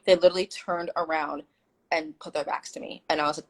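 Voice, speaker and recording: Woman, husky, lowish pitch, emphatic casual storytelling, live stream call. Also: fairly quick, rough recording. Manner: animated, emphatic retelling with quoted dialogue. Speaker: guest. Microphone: phone or video call.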